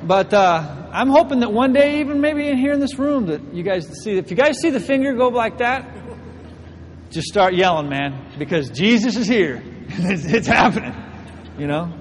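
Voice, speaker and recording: High-voiced young pastor telling a funny story. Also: male voice, moderate pace, in a large hall, slight background noise. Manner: animated, laughing storyteller. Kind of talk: storytelling sermon. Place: church hall.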